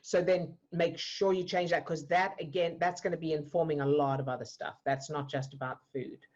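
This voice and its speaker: A woman guiding a client through an emotional coaching exercise, gentle and explaining step by step. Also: sits low, fairly even intonation, moderate pace, lo-fi sound. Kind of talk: live online coaching session. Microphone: video call.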